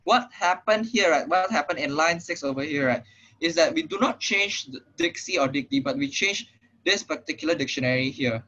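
A man's voice: fairly high pitch, lively intonation, moderate pace, sharp tone. A young man with a Singaporean English accent tutoring programming in an online class, explaining casually with lots of fillers and checking in with "right?". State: slightly out of breath. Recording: muffled lo-fi online call audio.

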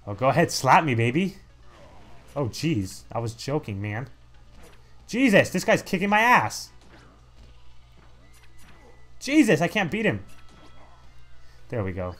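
A man's voice: fairly high pitch, very animated, moderate pace, pauses often, soft background music. Sarcastic young man playing a game. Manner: sarcastic, mocking, reads game text in put-on voices. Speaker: let's play host. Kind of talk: casual gameplay commentary.

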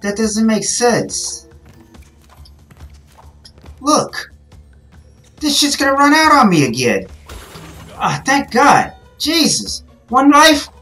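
Gal yelling at a video game, slow drawn-out talk, cusses constantly, some game music under it. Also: female voice, on the high side, big pitch swings. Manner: frustrated, swears a lot, yells at the game. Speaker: gaming channel host. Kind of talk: let's play commentary.

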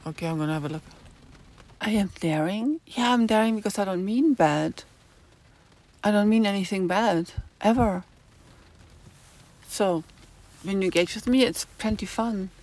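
A woman's voice: mid-range voice, moderate pace, pauses often, darkish tone. A woman hosting a live stream, musing in a rambling way and stopping often to search for words. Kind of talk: casual live-stream monologue answering chat.

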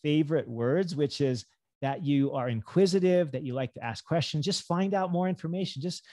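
Man, middle-aged, higher-pitched, enthusiastic, animated podcast guest, dry close sound. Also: normal speed, dry recording. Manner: animated, enthusiastic, jumps into acted self-talk. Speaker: physician and health coach, podcast guest. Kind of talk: casual podcast conversation.

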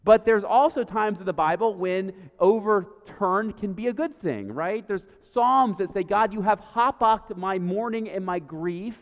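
A man preaches to his congregation in a high, light voice. He keeps the tone conversational and keeps checking in with "right?". The recording is muffled, and a long reverb hangs in the church around him. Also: unhurried, few pauses. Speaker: pastor. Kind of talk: sermon. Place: church sanctuary.

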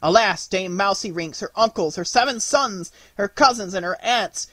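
A distraught storybook queen wails out her pleas in a raised, high voice, put on by a man reading aloud. The tone is breathy and husky, and the delivery is tearful and pleading. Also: wildly swooping pitch, unhurried, dry recording, exaggerated voice. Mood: despairing. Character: despairing sobbing queen, woman.

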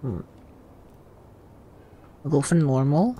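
A woman hosting a gaming channel, reading game text aloud and commenting in a soft, low-key way with sudden startled yelps. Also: lively intonation, takes it slowly, husky.

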